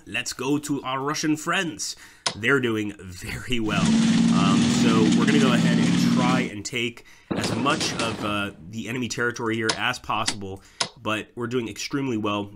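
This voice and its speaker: A man's voice: mid-range voice, steady tone, moderate pace. A man giving casual commentary over a strategy game, thinking aloud about his moves and talking to viewers as guys. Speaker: let's play host. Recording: loud background noise.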